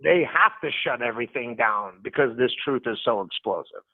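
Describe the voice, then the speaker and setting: A man's voice: medium pitch, lively intonation, fairly quick, dry recording. A man calling in to a talk show, preachy and talking over the host. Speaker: caller. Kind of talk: casual phone call. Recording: tinny phone line.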